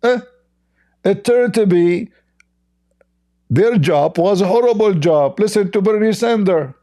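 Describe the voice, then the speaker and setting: A man's voice: sits high, expressive, unhurried, long pauses, warm tone. A man giving sarcastic reaction commentary on clips, mocking and scornful, rambling with broken grammar.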